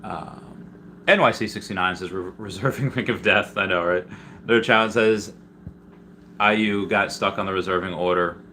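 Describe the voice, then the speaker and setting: Bright-voiced man reading stream chat. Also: sits low, normal speed, a little hiss or hum. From Peru. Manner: reads viewer comments aloud and answers them; rambling, with many restarts. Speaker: livestreamer answering chat. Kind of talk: casual live-stream chat.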